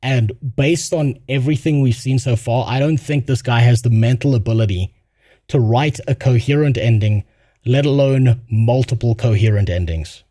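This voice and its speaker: Brief: young male streamer, blunt profane rant, dry close sound, mid pitch. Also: moderate pace, mellow, no echo. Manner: blunt, swears a lot, laughs while telling stories. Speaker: streamer reacting to a video.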